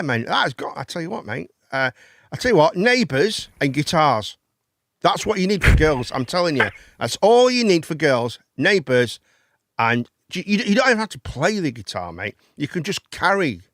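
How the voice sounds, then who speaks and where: A man's voice: on the high side, fairly bright tone, dry recording, studio quality. A man, hosting a live chat and phone-in show, rambling and swearing casually. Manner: rambling, chatty, swears casually, calls people mate.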